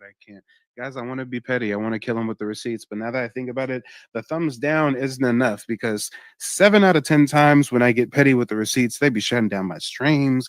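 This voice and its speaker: A young man hosts a live-stream reaction at medium pitch, speaking animatedly straight to his chat and exclaiming often. There's no echo.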